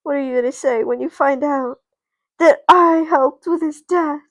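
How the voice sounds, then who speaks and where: A woman voicing a tearful, guilt-ridden teenage girl in narrated doll play, pleading loudly. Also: on the high side, lively intonation, normal speed, gravelly, no echo, clean studio sound. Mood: distraught.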